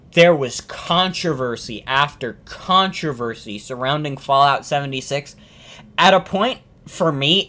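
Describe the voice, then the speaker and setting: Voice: medium pitch, sharp tone. A streamer chatting casually on a live reaction stream, ranting and swearing about games, often repeating themselves.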